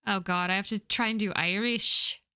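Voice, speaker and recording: Woman, game streamer, reading dialogue aloud, playful, casual swearing, bright, dry close sound. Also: medium pitch, steady tone, moderate pace, clean tone, dry recording.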